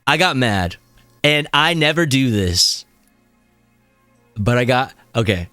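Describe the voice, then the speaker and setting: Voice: mid-range voice, lively intonation, takes it slowly, bright, forceful tone, no room sound, faint music behind. A young adult streamer in a casual live-stream rant, heated and profane, breaking into laughs.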